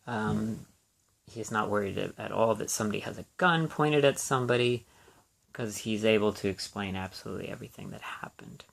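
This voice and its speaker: A man's voice: fairly low pitch, fairly quick, vocal fry, a bit bright. A man hosting a casual solo movie podcast, talking in a rambling, hesitant way with many fillers and restarts. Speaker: podcast host.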